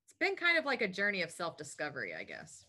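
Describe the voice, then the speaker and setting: A woman with a lowish voice talks fast, her pitch swinging hugely, in a pushed and bright manner. She's answering casual interview questions about her health business with talkative, upbeat enthusiasm.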